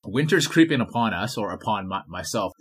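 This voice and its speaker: A man's voice: fairly low pitch, expressive, brisk, fairly bright tone, husky. A man from Vancouver hosting a casual podcast interview, friendly and enthusiastic. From Vancouver, Canada. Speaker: podcast host.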